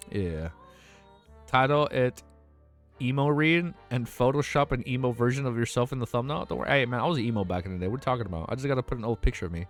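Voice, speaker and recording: Young man, live-stream novel reading, emotional reactions, frequent swearing, faint music behind. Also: mid-range voice. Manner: excitable, swears often, emotional asides.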